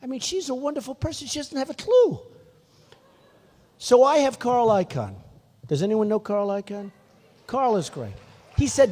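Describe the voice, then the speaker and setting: A man's voice: very high-pitched, big pitch swings, normal speed, pauses often, dark tone, big-room sound. An older man giving a rambling, boastful campaign rally speech, talking to the crowd in repetitive asides. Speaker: political candidate at a rally. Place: large rally venue.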